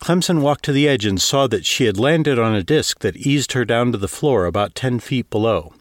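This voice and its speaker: A man narrating a novel with a lively, expressive lilt. He reads steadily into a close mic in a dry, dead room. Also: medium pitch, normal speed, no echo. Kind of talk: audiobook narration.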